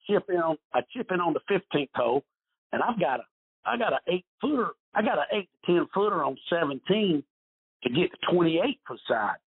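A man's voice: fairly high pitch, animated, a little fast, slightly rough. An older man telling rambling golf stories in a podcast interview, with many restarts, heard over a phone line. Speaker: golf pro guest.

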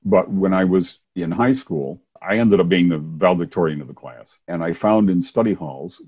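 An older man, a Methodist minister and former science teacher, telling his story in a relaxed interview with chuckles along the way. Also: low-pitched, moderate pace, slightly rough. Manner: warm anecdotal storytelling with chuckles. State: hard of hearing, wears hearing aids.

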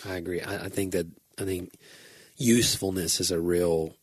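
A man's voice: deep voice, steady tone, moderate pace, husky, no room sound, clean studio sound. A man talking reflectively in casual conversation, often stumbling and repeating words as he searches for them.

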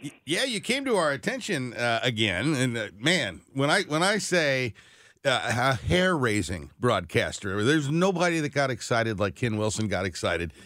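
A man's voice: mid-range voice, moderate pace, no room sound. A man co-hosting a radio show, chatting with enthusiasm in the studio. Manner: enthusiastic, animated storytelling. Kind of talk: radio interview chat.

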